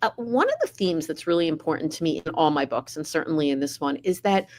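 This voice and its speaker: A woman's voice: deep voice, animated, fast. A middle-aged woman, an author being interviewed, speaking in an earnest, reflective way. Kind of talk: casual conversational interview.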